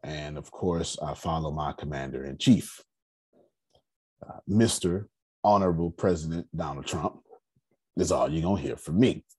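Low raspy man hosting a discussion. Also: dark tone. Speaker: host. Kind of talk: casual group discussion.

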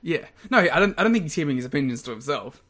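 A man, co-hosting a podcast in casual chat, lively and quick to laugh as he rambles through stories. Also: on the high side. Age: 20s. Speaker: podcast co-host.

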